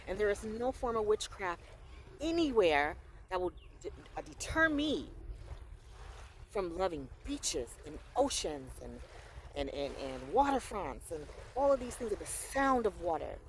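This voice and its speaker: A faith vlogger talks into a handheld phone outdoors by the water, in a rambling, emphatic way with lots of fillers and restarts. Faint outdoor water ambience hums behind the voice. The pitch sits in a middle range. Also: slight background noise. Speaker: vlogger sharing faith experiences. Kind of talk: casual faith talk vlog.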